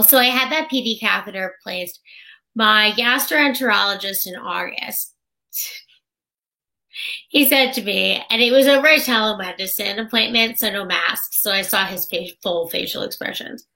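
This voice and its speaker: A woman's voice: a little high, bright, forceful tone. A woman guest in an interview, chatting casually and acting out other people's lines as she tells stories. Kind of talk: casual personal storytelling.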